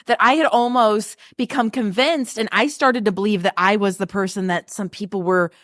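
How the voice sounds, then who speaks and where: A woman's voice: medium pitch, steady tone, moderate pace, a bit bright, no room sound, studio quality. A young woman hosting a podcast who chats casually, affirms her guest and laughs often. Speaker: podcast host. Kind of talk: casual interview chat.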